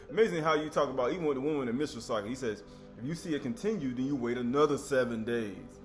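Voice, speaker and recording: A man's voice: mid-range voice, quick pace, soft background music. A man preaching an informal sermon, reading scripture and breaking into conversational asides and rhetorical questions.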